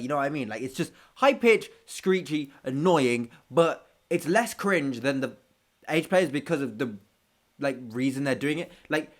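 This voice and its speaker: A man with street hosting a reaction video, ranting casually with profanity and self-mocking jokes. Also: medium pitch.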